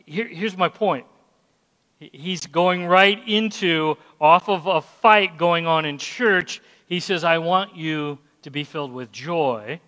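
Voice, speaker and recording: High-voiced man preaching slowly in a hall. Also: a bit bright. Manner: earnest preaching with repeated words and fillers. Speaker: pastor. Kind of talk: sermon.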